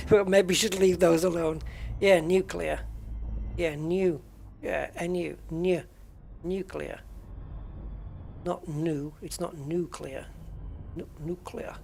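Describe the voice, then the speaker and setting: A man's voice: on the high side, steady tone, takes it slowly, creaky, darkish tone, slight background noise. A British man in his fifties with a British accent, chatting casually and rambling with jokey asides while he plays a space game. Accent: British English. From United Kingdom. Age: 50s. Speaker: gaming streamer.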